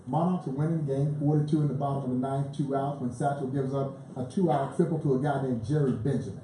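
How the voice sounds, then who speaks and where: A man, a museum president, telling lively baseball stories as a guest at a live panel, chuckling as he goes. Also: medium pitch, fast. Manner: animated storyteller who chuckles through his tales. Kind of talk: lively anecdotal storytelling on stage. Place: live event in a bar venue. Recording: echoey live venue, faint background noise.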